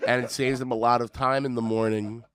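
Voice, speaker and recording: A man's voice: mid-range voice, level tone, brisk, noisy background. A man guesting on a comedy podcast, wry and explanatory, laughing as he talks. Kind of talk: casual comedy podcast banter.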